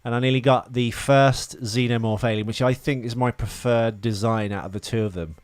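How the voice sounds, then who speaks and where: A man's voice: mid-range voice, fairly even intonation, moderate pace, clean tone, no echo. A man co-hosting a podcast, chatting casually about films and talking in a rambling, hesitant way full of fillers and restarts. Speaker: podcast co-host. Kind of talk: casual film chat.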